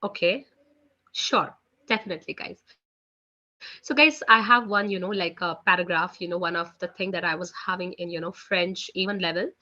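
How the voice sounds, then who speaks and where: A woman teaches a live online French class, her voice bright and forward. She chats loosely and leans on "you know" and "guys". The call audio sounds dull and lo-fi. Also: fairly low pitch, moderate pace.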